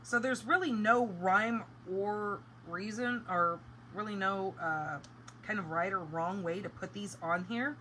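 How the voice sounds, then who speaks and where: A woman's voice: medium pitch, a little slow, pushed and bright, a little hiss or hum, poor audio. A woman hosting a live craft tutorial, chatting casually and explaining each step as she works. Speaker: craft demonstrator.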